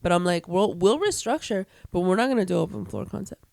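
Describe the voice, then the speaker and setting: Gravelly-voiced teasing podcast woman. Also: medium pitch, expressive, fast talker, darkish tone, no echo, studio quality. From Texas. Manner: teasing, laughing, banter. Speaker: podcast co-host. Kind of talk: casual chat.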